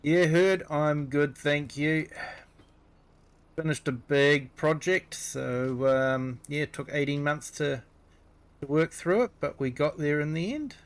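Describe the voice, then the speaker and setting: Slow-talking New Zealand man chatting. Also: a little high, smooth. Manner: relaxed, chatty, replies to viewers. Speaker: streamer. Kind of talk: casual live-stream chat.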